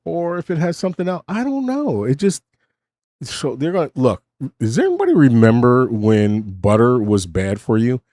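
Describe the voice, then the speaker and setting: A middle-aged man talks in a rambling, self-mocking way, and his voice swings widely in pitch. His tone is dark and mellow, and it sounds dry and close. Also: big pitch swings, normal speed, no room sound. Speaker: host. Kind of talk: casual monologue. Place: home desk.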